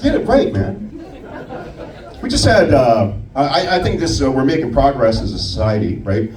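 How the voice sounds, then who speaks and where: A man doing a stand-up comedy set, telling stories with an animated delivery and putting on voices for people in them. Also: medium pitch, moderate pace, a faint crowd. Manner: animated storytelling with put-on voices. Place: comedy club stage. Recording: roomy club sound from a distance.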